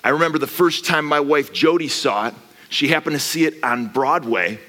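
A man preaching a sermon as a guest pastor, energetic and swinging from quiet asides to shouting. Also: fairly high pitch, normal speed, long reverb tail. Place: church sanctuary.

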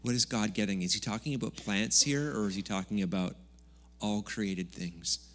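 Man, lower-pitched voice, pastor delivering a casual, humorous sermon with sudden loud bursts. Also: normal speed. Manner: conversational, jokey preaching with sudden loud bursts. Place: church service.

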